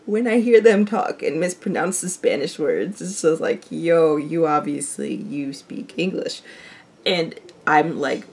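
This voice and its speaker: A woman's voice: low-pitched, unhurried, gravelly, a little mellow, breathy edge. A young woman hosting a reaction video, talking casually and rambling with frequent laughs. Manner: chatty, rambling, laughs often.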